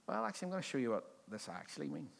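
A male pastor preaches at a church service, joking conversationally and regularly asking the congregation questions. His fairly high voice is very animated, racing along with vocal fry.

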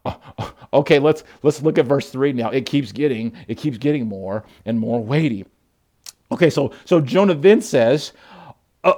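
A man's voice: a little high, normal speed, darkish tone. A male pastor preaching a sermon in an emphatic way, often repeating words as he restarts his sentences.

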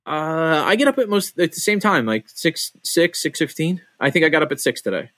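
A man's voice: fairly high pitch, very animated, a little fast, a bit bright, dry recording. A man co-hosting a podcast from his home, rambling in casual chat with frequent restarts and casual swearing. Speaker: podcast co-host.

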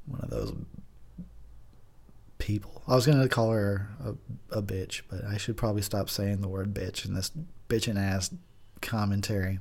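A man's voice: on the low side, little pitch movement, a little slow. A tipsy man giving crude, rambling drunken movie commentary, laughing often. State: drinking, tipsy.

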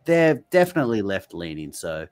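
A man's voice: low voice, very animated, fairly quick, darkish tone. A man hosting a casual interview, asking blunt questions and cracking jokes. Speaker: podcast host.

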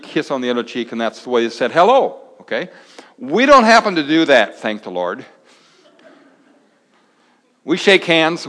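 Older pastor preaching in a reverberant hall. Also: male voice, a little high. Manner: conversational preaching, swings between emphatic and soft. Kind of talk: sermon. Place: large church hall. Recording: long reverb of a large hall.

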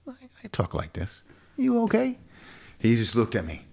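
Very low-voiced man in his forties. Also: gravelly, a little mellow, breathy edge. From United States. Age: 40s. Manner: emphatic, repetitive, quick swings up to a high pitch. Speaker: fitness coach. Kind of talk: casual interview talk.

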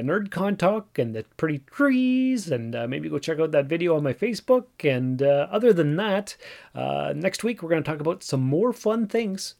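A man's voice: fairly high pitch, a little mellow. A man in his forties hosting a solo podcast, talking casually in a rambling, self-deprecating way with frequent restarts. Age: 40s. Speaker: podcast host.

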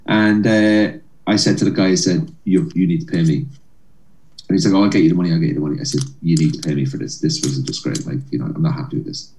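An Irish comedian spins a lively story, slipping into the voices of the people in it. His voice sits low, and the sound comes from a fair way off the mic in a roomy, echoey space. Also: fast talker, vocal fry, distant mic. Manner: animated storyteller, acts out voices and laughs. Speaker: comedian guest. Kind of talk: storytelling anecdote.

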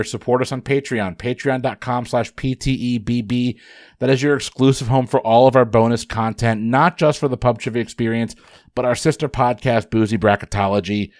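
A man hosting a trivia podcast, running the quiz in brisk, upbeat patter. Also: medium pitch, a little mellow, dry recording, studio quality.

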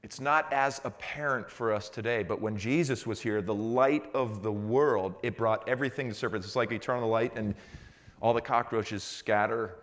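A middle-aged man, a pastor, preaching a conversational sermon that swings between quiet reflection and animated storytelling. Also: medium pitch, fairly quick. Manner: conversational preaching, builds to animated frustration in anecdotes.

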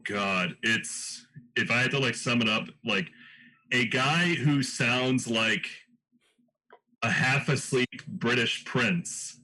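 A man's voice: medium pitch, slow pace, bright, forceful tone, a little hiss or hum, rough recording. A man in a casual movie podcast, rambling and joking, with lots of "like".

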